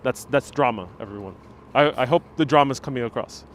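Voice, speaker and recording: Brisk and mid-range, this man's voice carries slight background noise as he livestreams a walking tour, first outdoors on city streets and then in a small discount store. Using a wireless clip-on mic and a gimbal-mounted phone, he jokes around with viewers and reads out their chat comments.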